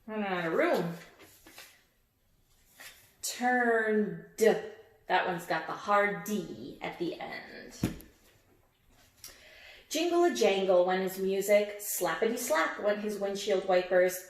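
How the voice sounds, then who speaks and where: A woman teacher reads a picture book aloud slowly and deliberately. She repeats each word with emphasis and quizzes her listeners on how it ends. Her voice has a middling pitch, and a roomy echo surrounds it. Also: expressive, a little hiss or hum. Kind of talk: read-aloud phonics lesson.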